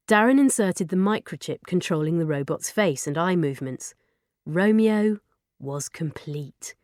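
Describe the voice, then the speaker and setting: A woman narrating a children's audiobook in a lively storytelling manner. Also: fairly low pitch, normal speed, no room sound, studio quality.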